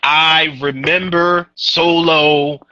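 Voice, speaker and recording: A man's voice: a little high, flat delivery, extremely slow, sharp tone, no room sound, highs cut off. A man co-hosting a podcast in casual, profane, ranting chat about movies, with a sore throat. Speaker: podcast co-host.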